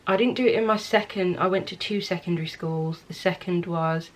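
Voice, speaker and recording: This young English vlogger, Birmingham accent and all, chats about herself at home in a candid, self-deprecating, chatty way. Her voice is on the low side and she talks fairly quickly. The camera mic adds slight background noise.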